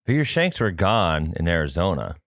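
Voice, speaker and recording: Man, co-host, dry skeptical questioner, lowish voice, dry close mic. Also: big pitch swings, normal speed, a bit bright, no room sound. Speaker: podcast co-host. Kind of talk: casual golf chat.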